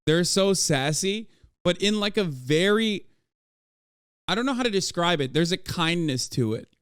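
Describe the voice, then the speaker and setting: A man reacting to podcast clips on a livestream, rambling excitedly and swearing freely. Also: high voice, normal speed, clear, resonant tone, no room sound, clean studio sound.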